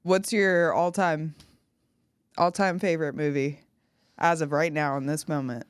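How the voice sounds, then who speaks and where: A man's voice: fairly high pitch, fairly even intonation, a little slow, clear, resonant tone, no room sound, clean studio sound. A man hosting a casual podcast chat, teasing his guest and laughing often. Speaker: podcast host.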